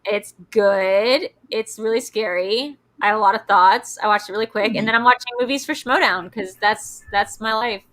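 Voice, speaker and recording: A woman's voice: mid-range voice, normal speed, hardly any pauses, fairly bright tone, poor audio. A young woman hosting a casual chat, rambling with lots of fillers. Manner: chatty, rambling with many fillers. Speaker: host.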